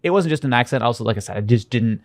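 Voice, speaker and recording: A man's voice: mid-range voice, expressive, rapid-fire, no room sound. Young guy from missouri rambling about stuff, lots of likes and ums, dry close mic. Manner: rambling, self-deprecating, many fillers and restarts. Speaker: interview guest, YouTuber. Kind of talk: casual interview chat.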